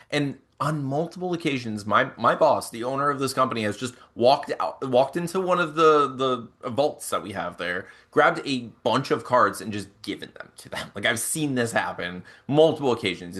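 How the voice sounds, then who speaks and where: A man hosting a podcast, telling a casual story in an animated way with frequent chuckles and restarts. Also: medium pitch. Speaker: podcast host.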